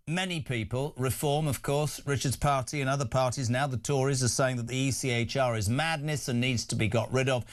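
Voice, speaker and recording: A man hosting a talk radio breakfast show, ranting in an indignant, emphatic way. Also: medium pitch.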